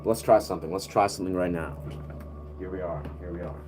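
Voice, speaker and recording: A man's voice: low voice, fast, very noisy. A man streaming as a music producer, talking casually to himself and his chat while troubleshooting his setup.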